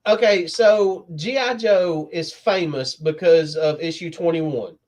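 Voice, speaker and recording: High-voiced laid-back storytelling man. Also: slow pace, darkish tone. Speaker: podcast co-host. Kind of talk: casual comic book chat.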